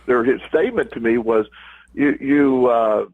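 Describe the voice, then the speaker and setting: A man's voice: mid-range voice, measured pace, no echo. A middle-aged man co-hosting a podcast in casual chat, rambling with many restarts and repeated words, heard over a tinny phone-like line. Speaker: podcast co-host.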